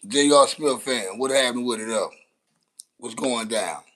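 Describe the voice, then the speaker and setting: A man's voice: medium pitch, measured pace, a bit bright, rough recording. A young man chatting casually, with loose and profane street talk, calling out to his viewers. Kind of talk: casual chat.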